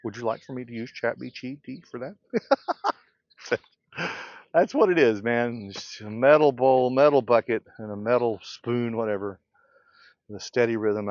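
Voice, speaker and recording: Slow-talking beekeeper man outdoors. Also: medium pitch, no room sound, muffled recording. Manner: unhurried, thinking aloud, clears throat and coughs often. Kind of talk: casual teaching while working. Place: outdoor apiary.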